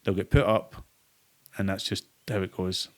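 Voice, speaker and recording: A middle-aged actor from Glasgow, Scotland, appears as a guest in a casual interview, telling stories laced with swearing and acted-out quotes. He has a deep voice with a Glasgow accent, fairly even intonation, and a normal speaking speed.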